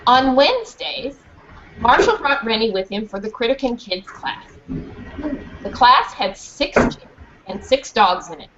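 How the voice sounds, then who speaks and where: A woman reading a children's storybook aloud in a classroom, stopping to ask the children questions and check that they understand. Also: fairly high pitch. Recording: dull muffled recording with faint hiss.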